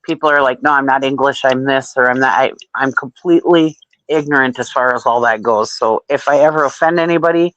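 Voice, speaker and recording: A woman's voice: rumbling low, fairly quick, fairly bright tone, poor audio. A woman in casual group chat, gossiping and then apologizing profusely.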